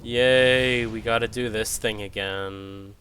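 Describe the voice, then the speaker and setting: A man's voice: fairly low pitch, steady tone, slow, a bit bright, a little hiss or hum. Wry joking streamer guy. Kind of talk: casual game commentary.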